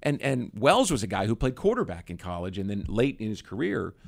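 A man co-hosting a sports talk show, arguing his view on players in a lively, opinionated way. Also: lowish voice, creaky. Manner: lively, opinionated, quick to push back. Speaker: sports radio co-host.

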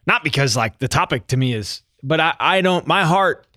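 A man's voice: on the high side, expressive, normal speed, sharp tone, no echo, clean studio sound. A man co-hosting a podcast, chatting in a rambling, profane way full of "like" and restarts. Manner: rambling, filler-heavy, profane. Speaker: podcast co-host. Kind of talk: casual podcast chat.

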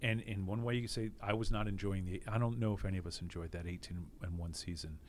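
Man, low voice, candid podcast interview guest, reflective and emotional, faint background noise. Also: steady tone, fast, darkish tone. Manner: emotional, reflective, frequent restarts. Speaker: interview guest, former team executive.

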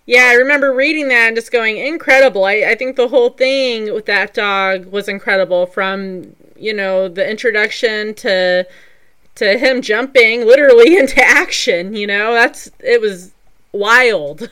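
A woman hosting an interview, responding warmly and with enthusiasm to her guest's story. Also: on the high side, moderate pace, smooth. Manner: encouraging, frequent affirmations. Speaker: podcast host. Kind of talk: casual interview chat.

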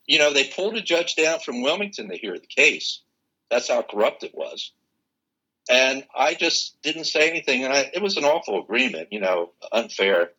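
An older man, a guest in an interview, telling a personal story in an animated way and acting out the exchanges he quotes. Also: medium pitch, moderate pace, rough recording.

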